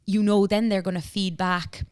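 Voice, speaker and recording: A woman with an Irish accent, a business founder talking in a casual interview, chatty and animated, full of fillers and retold dialogue. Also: mid-range voice, moderate pace, smooth, dry recording, clean studio sound. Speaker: entrepreneur guest.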